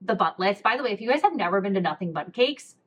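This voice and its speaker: Medium-pitched, animated, and fast-talking, a young woman hosts a podcast with lo-fi sound and a little hiss or hum. She shares a personal story casually and candidly, swearing freely and saying "like" a lot.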